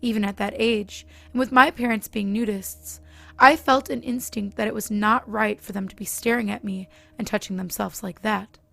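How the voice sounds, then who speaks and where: A woman narrating a scripted horror story in a steady reading manner. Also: mid-range voice, normal speed, creaky.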